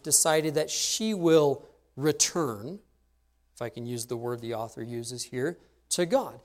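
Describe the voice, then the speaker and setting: A man's voice: on the high side, a little mellow. A man preaching an expository sermon, conversational, explaining step by step and speeding up on asides.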